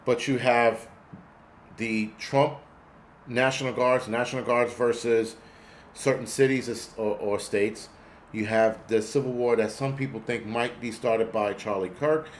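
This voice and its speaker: A man's voice: medium pitch, steady tone, measured pace, a little hiss or hum. Profane rambling man in his forties. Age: 40s. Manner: profane, rambling, talks back to chat. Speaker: host. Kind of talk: casual livestream rant.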